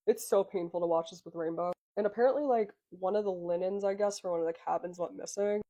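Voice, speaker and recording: A woman's voice: mid-range voice, quick pace, few pauses, warm tone. A young woman casually recapping a reality show, chatty and sarcastic, swearing freely.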